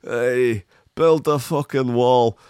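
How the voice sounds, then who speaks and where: A man voicing a rowdy, drunk, foul-mouthed male swan in a bad put-on Scottish accent, shouting in a sing-song way. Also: mid-range voice, slow, slight background noise, lightly acted. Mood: belligerent.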